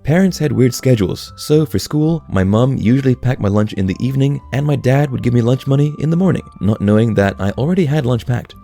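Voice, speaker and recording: A man narrating online stories in a steady, scripted storytelling read. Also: mid-range voice, vocal fry.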